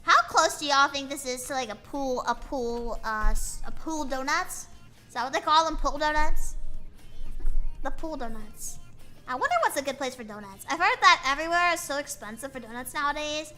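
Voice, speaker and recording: Young woman streamer, high, very bright voice, rambling self-mocking chat, soft music behind. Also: normal speed. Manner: rambling, playful, self-mocking, with frequent fillers. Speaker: VTuber streamer. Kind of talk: casual chat while drawing on stream.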